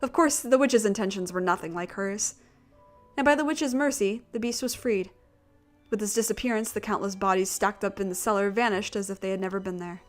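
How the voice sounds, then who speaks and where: A woman's voice: mid-range voice, brisk, soft background music. Woman reading a gothic tale aloud. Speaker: streamer reading a visual novel. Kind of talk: story narration.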